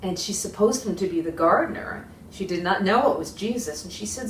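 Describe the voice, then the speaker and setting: A woman leading children's worship, telling a Bible story with big expressive swings, recorded in a roomy space from a distance. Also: medium pitch, fairly quick, hardly any pauses. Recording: echoey room, distant mic, faint hiss.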